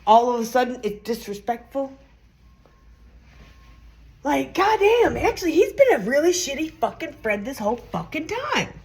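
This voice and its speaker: A woman vlogger vents to her viewers in a heated, profane, emphatic monologue with sudden pitch swings. Her slightly mellow voice swings widely in pitch, moving at a moderate pace with long pauses.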